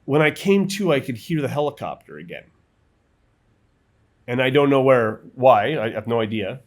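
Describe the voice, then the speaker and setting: A middle-aged man telling a personal war story in vivid, halting bursts, acting out what others said. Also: mid-range voice, big pitch swings. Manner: vivid, halting retelling with quoted voices and restarts. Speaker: guest, military veteran.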